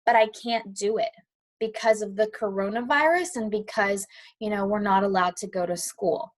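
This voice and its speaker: A woman teaches young children an online lesson from her home, including a read-aloud, and she is encouraging and patient while a dog is nearby. Her voice is mid-range and steady in tone, at a normal speed.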